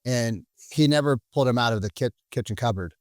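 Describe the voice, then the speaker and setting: A man telling stories as a podcast guest in a lively, casual way. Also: mid-range voice, brisk, no echo, clean studio sound. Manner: animated, acts out quoted people. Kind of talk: casual storytelling.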